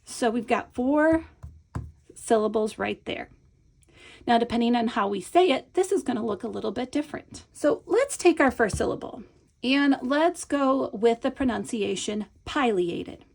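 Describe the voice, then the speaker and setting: Woman, middle-aged, gravelly and slightly high, patient instructional delivery, stretches out sounds when modeling them. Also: moderate pace, a little mellow. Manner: patient, explanatory, frequent "right?" check-ins. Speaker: teacher trainer. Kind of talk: instructional video lesson.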